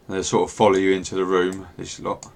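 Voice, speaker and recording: A man narrating as game master, relaxed and rambling with many fillers. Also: sits low, fast talker.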